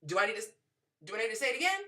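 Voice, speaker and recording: A woman hosting a dating advice show, telling stories in an animated way and acting out the people in them. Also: a little high, very fast, recorded from a distance. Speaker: podcast host giving dating advice. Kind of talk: casual storytelling advice.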